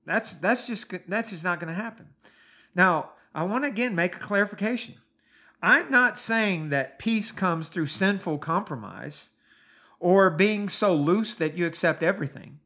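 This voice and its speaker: Male preacher with a high voice; earnest, emphatic sermon delivery full of pointed questions. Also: animated, moderate pace, a bit bright. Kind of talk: sermon podcast.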